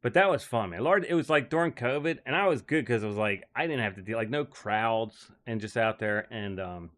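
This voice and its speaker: A man's voice: medium pitch, animated, brisk, fairly bright tone. A man telling casual stories about his time as a caddie. He rambles, says "like" often and laughs as he goes. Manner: rambling, heavy use of "like", frequent laughs. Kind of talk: casual storytelling.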